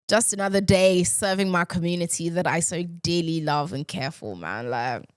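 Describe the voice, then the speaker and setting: A young woman hosting a casual solo podcast chat, sarcastic and animated, jumping from loud outbursts to low mutters. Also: normal speed, dry recording, clean studio sound. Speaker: podcast host.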